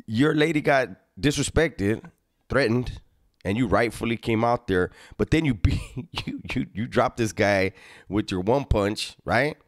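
A man's voice: mid-range voice, unhurried, no room sound, studio quality. A man hosting a casual chat, teasing and commenting on a guest's story. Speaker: podcast host.

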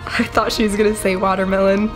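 A woman's voice: mid-range voice, little pitch movement, quick pace, music in the background. A young woman giving casual, emotional commentary while she watches a movie, gushing and exclaiming, sometimes whispering. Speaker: movie reaction vlogger.

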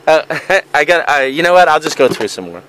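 A man's voice: a little high, sing-song, a little fast, a bit bright, slight background noise. A young man vlogging as a video game reseller, chuckling and rambling as he goes through a haul in casual banter. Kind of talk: casual vlog unboxing.

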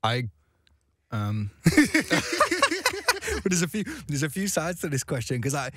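A man's voice: on the high side, huge pitch swings, takes it slowly, bright, forceful tone, a little hiss or hum. A young man talking casually as a guest DJ in a radio studio interview, chatty and self-deprecating, with frequent restarts.

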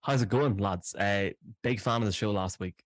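A man's voice: fairly low pitch, moderate pace, a little hiss or hum. An Irish man, the show's producer, chatting in playful, teasing podcast banter. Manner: playful, teasing self-flattery. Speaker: show producer.

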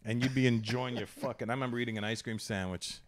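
A man from Canada hosting a podcast, telling street stories in a casual, profane, animated way. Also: medium pitch, fast talker. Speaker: podcast host. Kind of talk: casual storytelling chat.

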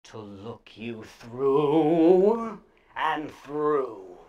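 Woman putting on a groaning toe-hunting monster, very slow, swooping pitch, drawn-out moans. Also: sing-song, dull audio, full character voice. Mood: menacing. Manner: slow drawn-out moaning, swells to shouts.

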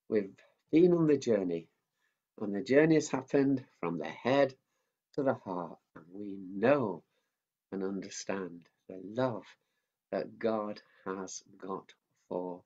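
A man, gently giving a children's sermon talk as a pastor. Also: fairly low pitch, expressive, takes it slowly, long pauses. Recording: dull lo-fi sound.

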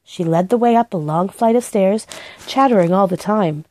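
A woman reading a children's book aloud, in a gentle and expressive storytelling manner. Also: mid-range voice, normal speed, no room sound. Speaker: storybook reader.

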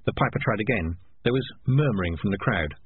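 A man reads a storybook aloud with a lively, rising and falling voice, his pitch right in the middle of the range. The recording is thin and phone-like, with a faint hiss behind it. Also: fairly quick. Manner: lively, expressive reading. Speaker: audiobook narrator. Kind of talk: storybook narration.

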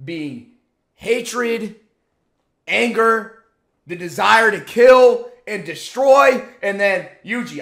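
A man giving a profane, exasperated rant as an anime commentator, firing off rhetorical questions and often shouting. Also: high voice, lively intonation, extremely slow.

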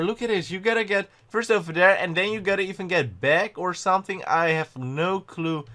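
A young man giving excitable, panicky gameplay commentary and often mocking his own mistakes. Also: high-pitched, normal speed, hardly any pauses. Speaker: gaming channel host.

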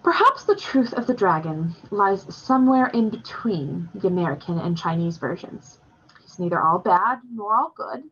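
A woman voicing a kindly, wise older woman teacher who speaks gently and reflectively. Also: medium pitch, breathy edge, lo-fi sound.

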